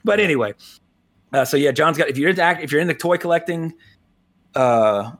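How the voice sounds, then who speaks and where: A podcast host in his forties chatting loosely. His voice sits a touch higher than most men's. He rambles, restarts his sentences and chuckles often as he goes. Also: lively intonation, a little fast, fairly bright tone. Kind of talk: casual podcast chat.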